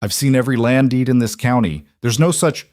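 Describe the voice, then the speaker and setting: A man voicing a cruel, domineering bully who blusters and shouts. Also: mid-range voice, brisk, dry recording, clean studio sound, pitched above the performer's own voice, lightly acted. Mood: roaring. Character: cruel, domineering male bully, quick to rage.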